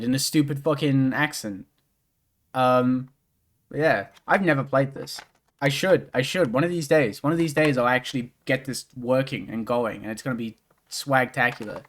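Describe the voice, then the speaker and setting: A man's voice: mid-range voice, moderate pace, fairly bright tone. A man streaming a game, chatting casually and jokily, swearing freely as he rambles. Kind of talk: casual gameplay commentary.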